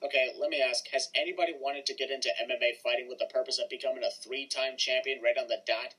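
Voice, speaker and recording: A man's voice: mid-range voice, fairly even intonation, fast talker, pushed and bright, low-quality recording. A man reading out sarcastic movie criticism in a mocking, exasperated way. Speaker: movie reviewer. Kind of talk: scripted sarcastic commentary.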